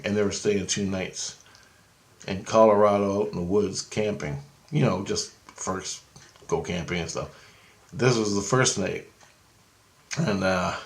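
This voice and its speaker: Excitable man telling a story. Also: fairly low pitch. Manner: excited, rambling, swears freely. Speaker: vlogger. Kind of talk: casual storytelling.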